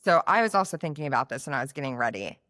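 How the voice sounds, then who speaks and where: A woman's voice: a bass voice, big pitch swings, rapid-fire, fairly bright tone. A woman co-hosting a podcast, gushing and playful, with lots of fillers. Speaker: podcast co-host. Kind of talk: casual chat.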